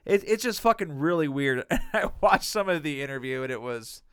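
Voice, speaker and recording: A man's voice: fairly high pitch, animated, moderate pace, fairly bright tone, clean tone, no room sound, studio quality. A young man co-hosting a podcast, rambling through profane stories in casual chat. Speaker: podcast co-host.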